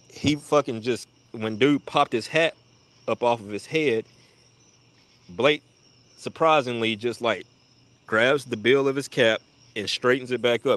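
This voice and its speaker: A man casually telling a long personal story, full of swearing, who jumps to a much higher voice when quoting people. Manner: profane, animated retelling with high-pitched voices for quoted people. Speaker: storyteller on a live audio chat.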